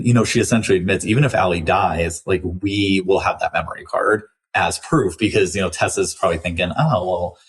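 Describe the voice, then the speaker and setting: A man's voice: on the low side, husky. A young man hosting a book podcast, chatting casually through a review with lots of likes and restarts.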